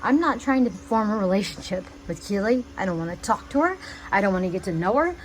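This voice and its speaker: A young woman recording a pleading, emotional video message to her father, agitated and halting, often restarting her sentences. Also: mid-range voice, animated, rough recording. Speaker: vlogger addressing her father.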